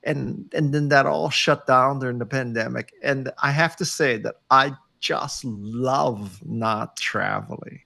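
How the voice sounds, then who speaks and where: A man's voice: mid-range voice, slow pace, creaky, hardly any pauses, bright, forceful tone. An older man talking as a guest on a video call, wry and self-deprecating, often emphatic. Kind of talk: casual interview over video call.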